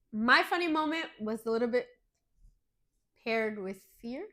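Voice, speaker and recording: A woman co-hosting a podcast, telling a story in casual chat with animated, dramatic retelling and some swearing. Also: fairly high pitch, slow. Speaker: podcast co-host.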